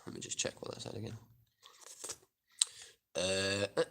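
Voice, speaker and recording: A man's voice: lowish voice, lively intonation, measured pace, vocal fry, long pauses, a bit bright, slight background noise. A Scottish man chatting casually on a livestream, reading viewer comments aloud and answering them. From Scotland.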